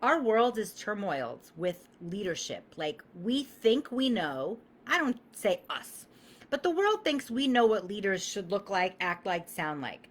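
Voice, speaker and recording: A woman's voice: mid-range voice, very animated, a little slow. A woman in her thirties, a business coach on a live stream, talking emphatically, swearing freely and acting out the voices she quotes.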